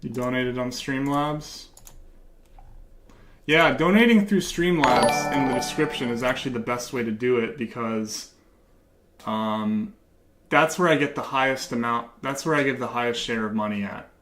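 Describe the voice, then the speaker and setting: A man's voice: medium pitch, moderate pace, over music. A man streaming live as a YouTuber, talking casually in a sarcastic, rambling way with many fillers and restarts. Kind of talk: casual livestream commentary.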